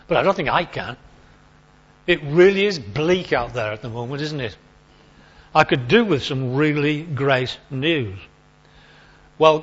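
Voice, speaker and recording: A man preaching in a relaxed, conversational way. He leans on repeated phrases for emphasis and asks his listeners questions. His voice sits fairly high for a man, and the recording sounds dull and lo-fi. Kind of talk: informal sermon.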